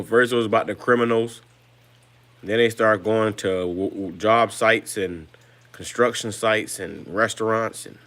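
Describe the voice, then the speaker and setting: Low-voiced man preaching in casual slang. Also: fairly bright tone. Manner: slangy, street-casual, repeats and restarts words. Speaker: online religious commentator.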